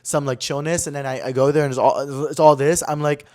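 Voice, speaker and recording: Young man, podcast host, slightly high voice, casual storytime, dramatic, lots of fillers. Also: brisk. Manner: animated, dramatic retelling full of "like" fillers.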